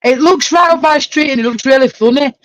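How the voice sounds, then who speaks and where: A woman hosting a casual livestream chat, talkative and quick to exclaim. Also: sits high, fairly bright tone, dry recording, poor audio. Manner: chatty, exclaims and laughs often. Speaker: livestream host.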